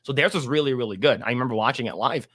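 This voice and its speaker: A man's voice: medium pitch, very fast, fairly bright tone, no room sound, studio quality. A man hosting a casual livestream chat, rambling and laughing often. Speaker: podcast host.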